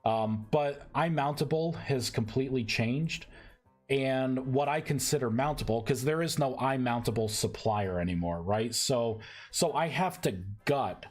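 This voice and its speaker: A man streaming live as he codes a game mod, thinking aloud in a halting way and often repeating words. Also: mid-range voice, soft background music. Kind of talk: live-stream coding commentary.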